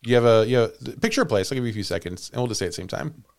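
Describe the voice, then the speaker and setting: A man's voice: mid-range voice, lively intonation, racing, gravelly, darkish tone. A man hosting a comedy podcast, telling a story in playful casual chat and laughing often. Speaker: podcast host.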